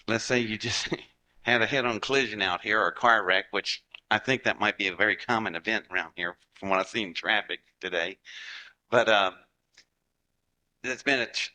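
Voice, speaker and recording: A man's voice: fairly low pitch, bright, forceful tone. A man with a Southern US accent giving a folksy storytelling talk to a live audience, chatty and joking with the crowd. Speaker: speaker addressing a live audience.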